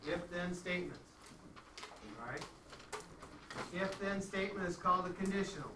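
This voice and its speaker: A man's voice: sits high, normal speed, noisy background. A man teaching a math class in a conversational way, often checking in with his students. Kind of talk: classroom lecture. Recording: echoey classroom from far off.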